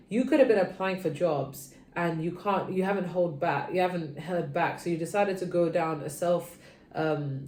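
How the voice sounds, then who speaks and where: A woman giving a casual tarot reading, chatty and sleepy, drifting between low murmurs and sudden bursts of energy. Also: dark tone, echoey room. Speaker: tarot reader.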